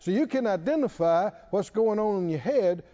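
Animated preaching man, high lively voice. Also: moderate pace, lo-fi sound. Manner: animated preaching, repeats phrases, quotes scripture. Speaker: pastor. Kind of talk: sermon.

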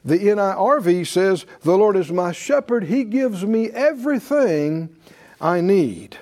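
A man's voice: sits high, lively intonation, a little slow, darkish tone. A man preaching a sermon, reading verses with emphatic rhythm and leading the congregation in repeated call-and-response. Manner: leads audience in repeated responses.

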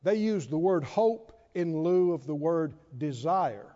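A man's voice: fairly high pitch, expressive, unhurried, warm tone. A male pastor preaching a sermon to his congregation, telling a humorous story with animation and calling for responses. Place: church sanctuary with congregation. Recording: dull reverberant church recording.

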